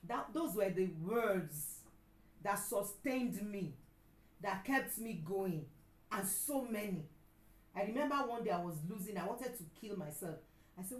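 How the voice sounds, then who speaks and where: A middle-aged Nigerian-accented woman, a pastor and counselor, delivers a sermon at medium pitch and moderate pace. Animated, she drives points home through repetition and sometimes turns suddenly loud, her voice ringing through an echoey room.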